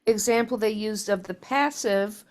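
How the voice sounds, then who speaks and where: A woman's voice: mid-range voice, moderate pace. A woman in a study class, offering an observation hesitantly and carefully. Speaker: class participant.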